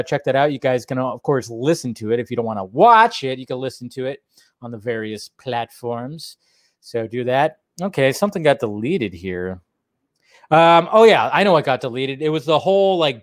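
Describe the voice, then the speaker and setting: A man's voice: on the high side, no room sound, studio quality. A man hosting a casual live stream, rambling and chatty, with lots of fillers and restarts.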